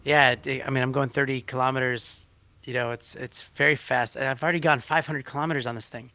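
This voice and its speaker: Bright-voiced, rambling chatty man. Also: medium pitch, fairly even intonation, fairly quick, dry recording. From outside Australia. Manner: chatty, rambling, lots of fillers and restarts. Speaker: stream co-host. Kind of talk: casual chat.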